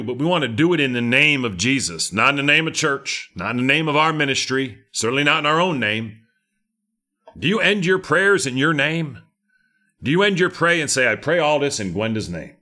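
Man preaching, fervent, emphatic, repetitive, bright voice. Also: on the high side, lively intonation, a little fast. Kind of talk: sermon.

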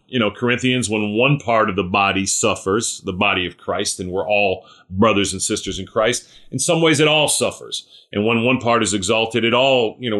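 A man's voice: fairly low pitch, fairly bright tone. A man leading a small-group Bible study, earnest and conversational, often checking in with his listeners.

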